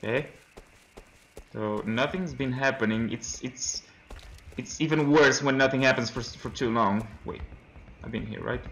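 A man's voice: mid-range voice, measured pace, pauses often, a bit bright. A young man commenting on a horror game as he plays it, nervous, laughing from fright and breaking into yelps and screams. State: hoarse from screaming. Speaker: let's play gamer.

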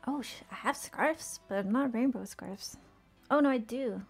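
A woman's voice: fairly high pitch, measured pace, creaky, faint music behind. A woman streaming a video game, chatting with her chat and swearing when things go wrong. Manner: swears often, exclaims in frustration; chatty, reads chat aloud and answers it. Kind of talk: casual gameplay commentary.

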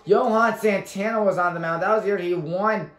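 A young man hosting a sports talk show, chatting casually and calling plays excitedly while he plays a basketball video game. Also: high voice, fairly quick. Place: small room at a local community TV station. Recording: roomy echo.

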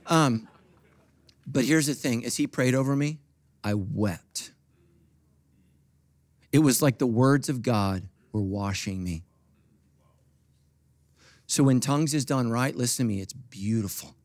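A middle-aged man preaching a sermon as pastor, jumping between quiet asides and loud animated peaks, with humorous asides to the congregation. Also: medium pitch, slow pace, pauses often. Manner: animated preaching with big swings from soft to loud.

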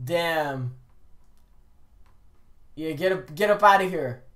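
A woman hosting a casual anime reaction video, excitable and slangy, talking back at the screen with frequent exclamations and laughter. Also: low-pitched, takes it slowly. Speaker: reaction channel host.

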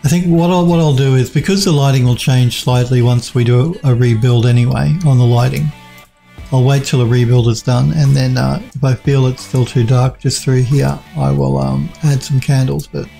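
Gravelly, husky-voiced man chatting on stream. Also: medium pitch, steady tone, moderate pace, warm tone, soft background music. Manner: reads out chat messages and answers them, with many fillers and restarts. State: losing his voice, coughing. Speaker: game developer streaming live. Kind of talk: casual live-stream chat while working.

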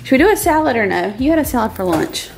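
A woman's voice: fairly high pitch, big pitch swings, quick pace, vocal fry, soft background music. A woman, chatting upbeat in her home kitchen while she cooks for her vlog. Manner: chatty, upbeat, says "y'all". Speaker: vlog host. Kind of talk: casual cooking vlog chat.

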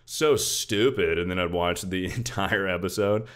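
A young man streaming from his room at home, loud and jokey, thanking viewers by name in casual chat. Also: low-pitched, measured pace.

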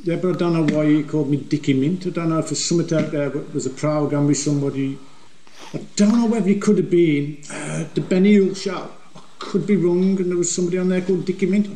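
A man's voice: on the high side, fast talker, mellow, echoey room, slight background noise, low-quality recording. An older man with a West Midlands accent, a member of a motorbike vlog group, answering questions in rambling, jokey banter. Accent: West Midlands English. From West Midlands, England. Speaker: interviewee, motovlog group member. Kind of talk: casual chat.

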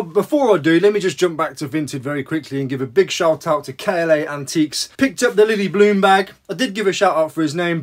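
Chatty reseller, rambling and upbeat. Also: male voice, fairly high pitch. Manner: chatty, rambling, self-deprecating asides. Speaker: reseller vlogger. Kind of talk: casual vlog chat.

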